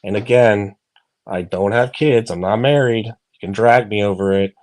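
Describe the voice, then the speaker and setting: Lying in bed, a man with a lowish, slightly mellow voice chats casually online by phone at normal speed. He rambles with lots of fillers, swearing, and laughter.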